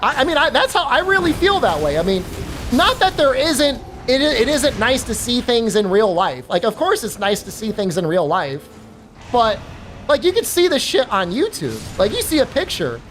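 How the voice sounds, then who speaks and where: Animated high-voiced woman streamer. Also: normal speed, slight background noise. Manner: animated storyteller, lots of "like", swears freely. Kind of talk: casual chat while gaming.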